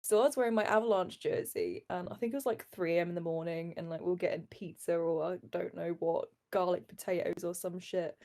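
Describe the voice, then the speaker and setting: A woman's voice: on the low side, steady tone, fairly quick, few pauses, mellow. Young woman, chatty storyteller. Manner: laughing, storytelling, swears casually. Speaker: podcast co-host. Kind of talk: casual chat.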